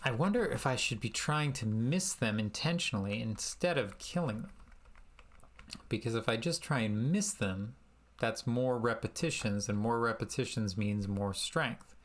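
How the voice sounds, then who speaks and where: A man streaming a retro game live, chatting in a rambling, sarcastic and self-mocking way, with sudden high exasperated outbursts. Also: moderate pace. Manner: bursts into high exasperated exclamations.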